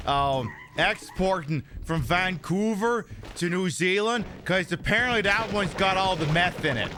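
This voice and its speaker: A man's voice: high voice, a little slow, background noise. A man hosting a game stream, rambling and joking casually, swearing freely as he plays. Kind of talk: casual gameplay commentary.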